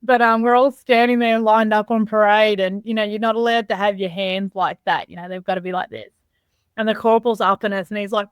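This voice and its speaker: Aussie woman telling army stories on a video call, smooth clear voice, kinda high, dry sound. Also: a little fast, no echo. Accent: Australian. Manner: lively anecdotes, laughs often, swears casually. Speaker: army reservist guest. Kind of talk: casual storytelling interview.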